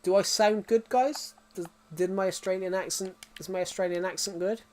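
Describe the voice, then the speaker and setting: A man's voice: high-pitched, fairly even intonation, moderate pace, a little mellow. Rambling young man live-streaming games. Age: 20s. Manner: rambling, with frequent restarts and repeats. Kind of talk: casual live-stream chat.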